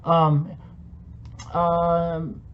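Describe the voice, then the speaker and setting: A man's voice: on the high side, monotone, extremely slow, slight background noise. A man vlogger casually telling a personal story, rambling with many restarts. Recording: dull lo-fi home recording.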